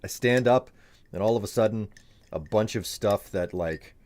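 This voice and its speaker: A man's voice: lowish voice, normal speed, darkish tone. A man streaming live, chatting casually in a rambling, chuckling, self-deprecating way.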